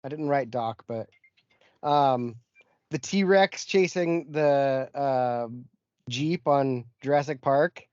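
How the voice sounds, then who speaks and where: A man's voice: medium pitch, slow pace, a little mellow, clean tone, no echo. A man co-hosting a podcast in casual chat, rambling through lists with lots of ums and chuckles. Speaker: podcast co-host. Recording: dry, muffled lo-fi podcast audio.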